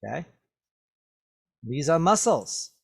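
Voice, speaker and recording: A man teaching English vocabulary to learners, his voice sitting slightly high for a man. He moves very slowly through each word, repeating it several times and checking understanding with "okay?" after nearly every phrase. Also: very animated, vocal fry, husky. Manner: repetitive, drawn-out explanations with many "okay?" checks. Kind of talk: slow classroom vocabulary lesson.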